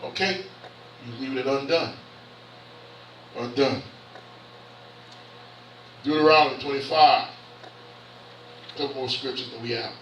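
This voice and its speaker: Preaching in an echoey church hall, a bishop with a medium-pitched, fairly bright voice talks directly to the congregation with call-outs and reads scripture aloud in a halting way. He's picked up from a distance, with a little background noise.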